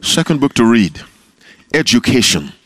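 A man preaching a sermon as pastor, asking his listeners questions and answering them himself, with quotes acted out softly. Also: mid-range voice, big pitch swings, moderate pace, slightly rough, no echo. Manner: call-and-response preaching, questioning the audience. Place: camp meeting talk.

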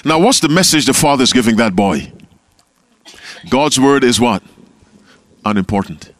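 A man preaching a sermon as pastor, asking his listeners questions and answering them himself, with quotes acted out softly. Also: mid-range voice, animated, unhurried, dry recording. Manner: call-and-response preaching, questioning the audience. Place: camp meeting talk.

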